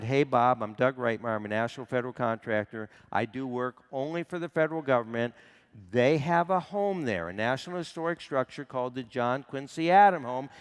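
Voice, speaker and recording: Animated man speaking in a hall. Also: a little high, clean tone. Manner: animated storytelling, acts out phone calls. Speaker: seminar speaker. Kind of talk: on-stage seminar talk. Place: large hall on stage. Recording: long hall reverb.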